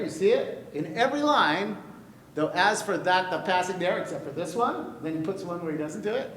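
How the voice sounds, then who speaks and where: Lively man lecturing in an echoey room. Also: fairly quick. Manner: lively, jokey, asks the class questions. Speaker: poetry teacher. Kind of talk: classroom lecture on verse. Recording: echoey room with light rumble.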